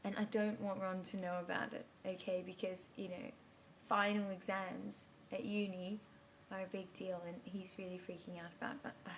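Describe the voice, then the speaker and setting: A woman's voice: mid-range voice, little pitch movement, moderate pace, slight background noise, close to an everyday voice. A woman, playing a flustered amnesiac in a scripted character vlog, who rambles with many restarts. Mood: rambling, bewildered. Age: 30s. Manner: rambling, breathless, many restarts and filler words. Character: flustered woman in her thirties with amnesia, chatty and bewildered.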